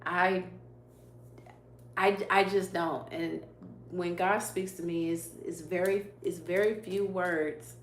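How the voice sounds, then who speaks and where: Slow, earnest woman sharing a testimony. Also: on the low side, fairly even intonation. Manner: earnest, emotional, laughs often; reads viewer comments aloud. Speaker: YouTube livestream host. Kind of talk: livestream testimony. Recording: echoey room, faint hum.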